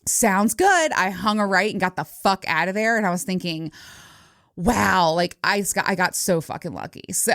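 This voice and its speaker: A woman's voice: lowish voice, dry recording, clean studio sound. Profane, laughing woman podcaster in her forties. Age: 40s. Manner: laughing, profane, animated storytelling. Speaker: podcast host. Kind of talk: casual solo storytelling.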